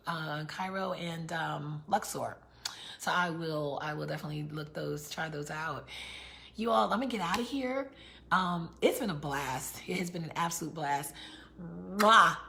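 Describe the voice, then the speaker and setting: A middle-aged New York woman hosts a live book launch, chatting casually, repeating words, and reading out viewer comments. Her voice is lowish and gravelly, with a fairly bright tone.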